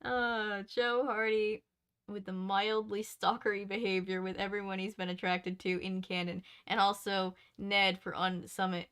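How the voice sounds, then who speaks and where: Woman reader, mid pitch, plain storybook reading with casual asides and quick restarts. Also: bright, forceful tone. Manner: chatty asides, laughs and self-corrections. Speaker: reader and channel host. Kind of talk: reading a novel aloud with casual commentary.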